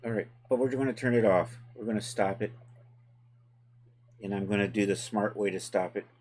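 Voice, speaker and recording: Low-voiced man casually thinking aloud. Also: moderate pace, slight background noise. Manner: relaxed, chatty, talks to chat while working. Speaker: livestream host and 3D software tutor.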